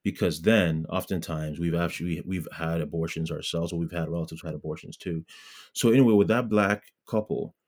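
A man's voice: low voice, brisk, a little mellow. A man from Ghana, a guest in an interview, talking earnestly with lots of fillers and restarts. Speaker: guest, pro-life blogger. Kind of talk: casual interview talk.

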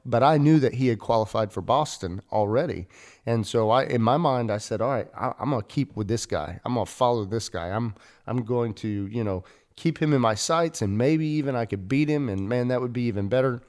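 A man's voice: medium pitch, lively intonation, a little fast, a little mellow. Male podcast host, folksy, self-deprecating storyteller, mid-range voice. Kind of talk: casual storytelling.

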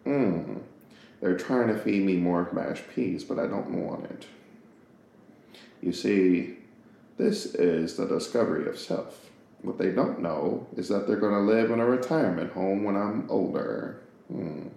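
A baby's inner thoughts voiced as a slow, deep, wise old narrator, as a man puts it on. The hushed, musing delivery sits low and dark. It was recorded in an echoey room. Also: vocal fry.

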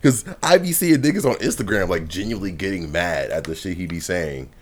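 A man's voice: low-pitched, animated, fairly quick, slight background noise. A young man co-hosting a podcast, teasing his friends in casual, profane banter. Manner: teasing, profane, laughs often. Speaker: podcast co-host.

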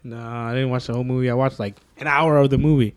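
A young man spins a loose, swear-heavy story for his friends, laughing as he goes. His voice sits at an ordinary middle pitch, and his delivery is offhand and unpolished. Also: steady tone, fast. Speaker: podcast co-host. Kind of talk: casual chat among friends.

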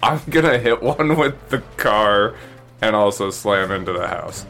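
A man's voice: fairly low pitch, animated, a little slow, vocal fry, fairly bright tone. A man playing a tabletop game in a playful, laughing way. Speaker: player. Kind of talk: tabletop role-play.

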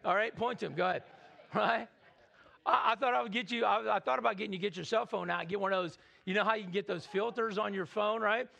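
A pastor preaches with a high, gravelly voice. He talks energetically, repeats words and slows down for scripture readings. He draws the congregation into call-and-response. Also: sharp tone. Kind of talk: sermon. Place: church sanctuary.

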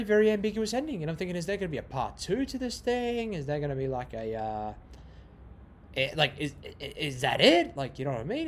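A high-voiced young man hosts a podcast, with slight background noise in the recording. In a casual monologue he swears freely, says the same things again, and wanders from topic to topic.

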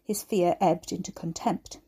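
Woman narrating a dark novel, mellow voice. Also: fairly low pitch, fairly even intonation, husky. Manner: measured, dark storytelling. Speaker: author reading her novel. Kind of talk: audiobook narration.

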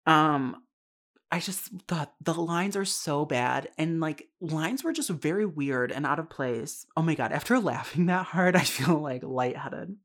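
A young adult hosting a casual solo podcast about a film, talking in a chatty, candid way. The speech is full of fillers and quick asides, with free swearing and frequent bursts of laughter. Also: mid-range voice, lively intonation, fairly bright tone. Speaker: podcast host.

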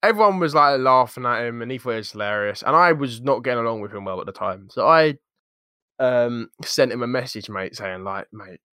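A young man co-hosting a podcast, telling a story in a lively, jokey, slangy way. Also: mid-range voice, brisk, clean tone, no room sound, clean studio sound. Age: young adult. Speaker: podcast co-host. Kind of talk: casual storytelling chat.

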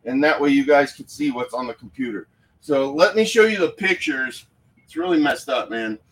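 A man's voice: mid-range voice, moderate pace, recorded from a distance, low-quality recording. A man hosting a casual live stream from a room at home, fired up and profane, talking into his phone. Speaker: paranormal livestream host.

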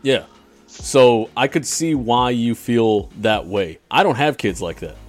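A man hosting a casual podcast, relaxed and profane, often hedging with "I don't know.". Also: medium pitch, measured pace, soft background music. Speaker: podcast host. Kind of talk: casual chat.

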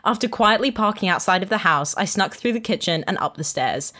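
A woman's voice: medium pitch, lively intonation, a little fast, sharp tone. A young woman and podcast co-host reading a fan fiction aloud in the first person, dramatic, with amused asides in the chat. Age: young adult.

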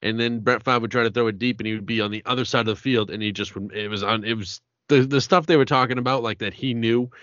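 A man's voice: medium pitch, steady tone, fast talker, few pauses, a bit bright, no echo, highs cut off. A man co-hosting a podcast, telling a rambling story full of "like". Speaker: podcast co-host. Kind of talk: casual chat.

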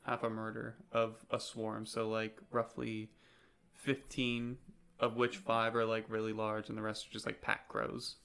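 A man's voice: fairly low pitch, monotone, measured pace, gravelly, a bit bright, clear, resonant tone. Casual male game master. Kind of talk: narrating a tabletop game.

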